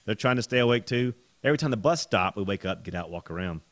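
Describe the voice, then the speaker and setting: A man hosting a podcast, telling a story in a casual, animated way with laughter and repeated words. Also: lowish voice, quick pace, no echo. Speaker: podcast host.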